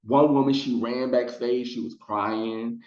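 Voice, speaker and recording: A man telling a casual storytime to his viewers, chatty and animated, slipping into high put-on voices when quoting people. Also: unhurried, roomy sound, lo-fi sound. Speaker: storytelling vlogger.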